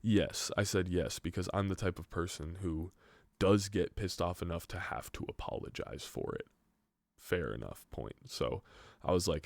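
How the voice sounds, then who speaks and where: A young man with a low, deep voice tells a long, rambling story in loose, profane podcast chat. He leans on "like" as a filler all the way through. The sound is close and dry, with no room echo. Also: measured pace, creaky. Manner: rambling, profane, heavy use of "like". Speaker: podcast host.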